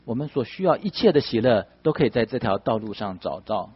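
Husky male sermon interpreter. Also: medium pitch, animated, fast, no room sound, dull audio.

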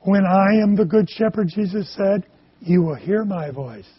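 High-voiced husky male preacher. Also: animated, dry recording, highs cut off. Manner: speaks in short phrases, pausing for the interpreter. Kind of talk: sermon with live interpretation.

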